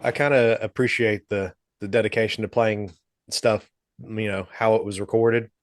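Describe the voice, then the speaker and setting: A man hosting a video call chat about guitar rigs, relaxed and laid-back, with casual swearing. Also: fairly low pitch, moderate pace, dry recording, clean studio sound. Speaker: host.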